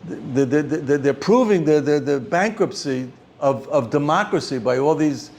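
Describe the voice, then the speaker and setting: An older man, teaching an informal class as a rabbi, halting and repeating words as he speaks. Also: fairly high pitch. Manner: halting, repeats words often, animated when stressing points. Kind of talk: informal Torah class talk.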